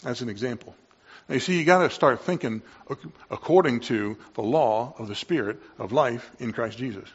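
Male preacher delivering a sermon, mid-pitched, passionate, with swings from hushed to loud; dull lo-fi recording. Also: normal speed, breathy edge. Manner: impassioned, swings from quiet to loud.

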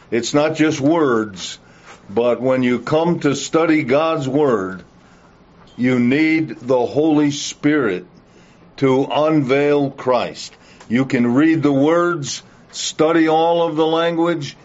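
On a dull, lo-fi recording, a man with a medium-pitched, somewhat dark voice teaches a Bible study lesson and leads prayer. He speaks earnestly and emphatically, with an occasional "uh."

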